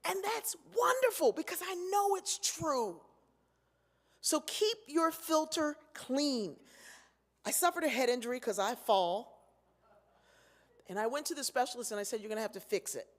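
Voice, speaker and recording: A woman delivers a storytelling keynote, her fairly high voice carrying long reverb through a large hall. She slips in and out of the voices of the people in her stories, animated and conversational. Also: moderate pace, long pauses. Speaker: keynote speaker. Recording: echoey hall.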